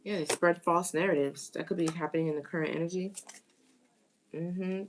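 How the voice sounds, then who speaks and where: A woman giving a live tarot reading, animated, with exclamations and phrases repeated for emphasis. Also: fairly low pitch, moderate pace, background noise. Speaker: tarot reader.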